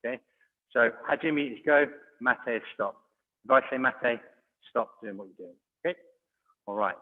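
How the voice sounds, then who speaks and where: A man's voice: mid-range voice, normal speed. Man, kids' exercise coach, encouraging, calls out commands, echoing hall, tinny audio. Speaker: judo coach. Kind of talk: online kids' exercise class. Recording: phone-like audio, long hall reverb.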